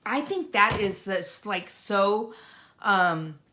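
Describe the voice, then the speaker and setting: Bright-voiced grandmother giving a pep talk. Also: medium pitch, lively intonation, takes it slowly, a little hiss or hum. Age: older. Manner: earnest and encouraging, speaks straight to viewers. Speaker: vlogger. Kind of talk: heartfelt motivational vlog talk.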